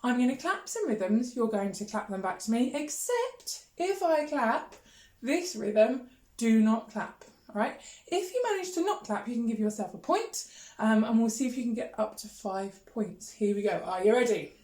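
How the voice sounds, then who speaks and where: Woman, music teacher, encouraging, rhythm drills, fairly high voice, roomy echo. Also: lively intonation, normal speed, mellow. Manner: encouraging, sings and claps rhythms. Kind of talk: online music lesson.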